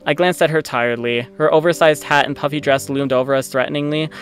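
A young man playing through a visual novel, reading it aloud with loud, profane, excitable reactions. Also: a little high, fast talker, faint music behind. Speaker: let's play streamer.

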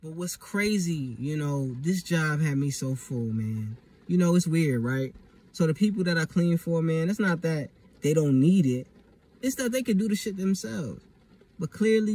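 A man's voice: fairly high pitch, normal speed, darkish tone, breathy edge, recorded from a distance. A young man talking in a casual vlog monologue, emphatic and profane, full of street slang. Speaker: vlogger.

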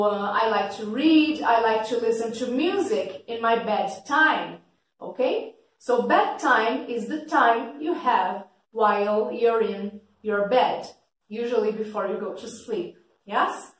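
A woman English teacher with a slightly high voice gives a slow vocabulary lesson for learners, recorded from a distance in an echoey room. She explains clearly and patiently, often checking with "okay?", and describes her teaching voice as kind of loud.

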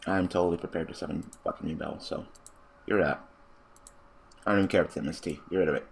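A man giving casual let's-play commentary, cursing freely and breaking into loud, excited outbursts and laughter. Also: low voice, fast talker, vocal fry, long pauses, slightly rough. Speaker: gaming commentator.

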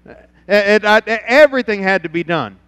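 A male pastor preaching a sermon, telling a personal story and moving from quiet, low passages to loud, fervent ones. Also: animated, moderate pace, clean tone, dry recording. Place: church.

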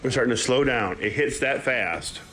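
A man who breeds dogs, chatting casually to viewers while filming his puppies at play and often cooing to them in a high voice. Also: moderate pace. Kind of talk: casual running commentary to viewers.

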